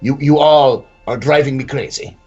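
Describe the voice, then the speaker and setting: A man playing a tabletop game in character, talking haltingly with many restarts. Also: mid-range voice, steady tone, mellow, slightly rough, highs cut off, faint music behind. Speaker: player.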